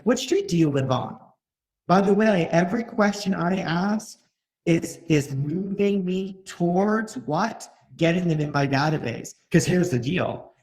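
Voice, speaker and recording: Male real estate trainer, energetic, slightly higher-pitched voice, role-plays client dialogue. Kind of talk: training talk with role-played scripts.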